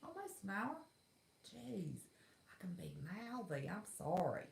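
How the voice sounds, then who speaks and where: A woman's voice: medium pitch, very animated, measured pace, vocal fry. Exasperated woman livestreaming. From West Virginia. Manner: exasperated, folksy, blunt. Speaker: livestream host. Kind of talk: casual live chat rant. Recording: echoey room.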